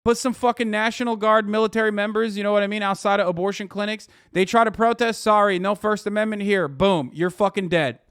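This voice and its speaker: A man's voice: high voice, steady tone, a little fast, few pauses, fairly bright tone, clean tone, dry recording, studio quality. A man in his thirties streaming a heated, profane and sarcastic rant, reacting to the news as he talks. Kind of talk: ranting casual commentary.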